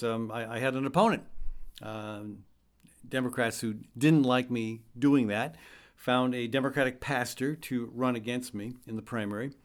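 A man's voice: medium pitch, a bit bright, smooth. A middle-aged man hosting a talk radio show, speaking conversationally and reading quotes aloud with wry asides.

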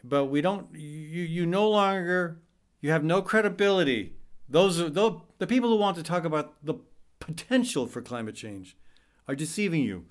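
A man's voice: on the high side, expressive. Urgent male radio host. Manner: urgent, halting, many fillers and restarts. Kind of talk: earnest talk-radio commentary.

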